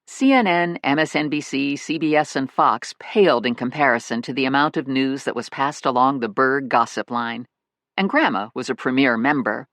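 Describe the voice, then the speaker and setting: An audiobook narrator giving a wry, lively scripted reading. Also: medium pitch, moderate pace, no room sound, clean studio sound.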